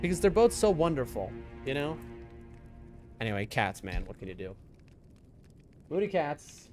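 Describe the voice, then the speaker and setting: A man's voice: big pitch swings, normal speed. A man streaming a game live, chatting casually and rambling to his viewers. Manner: chatty and rambling, talks to his chat, soft high voice when talking to his cats. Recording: faint music behind the voice.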